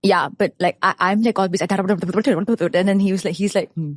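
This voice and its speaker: A woman in her thirties, a guest chatting on a podcast, telling her stories with animation and breaking into the voices of the people she quotes. She laughs often as she talks, her pitch sits in a middle register, and the sound is close and dry. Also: normal speed, no room sound. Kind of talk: casual conversation.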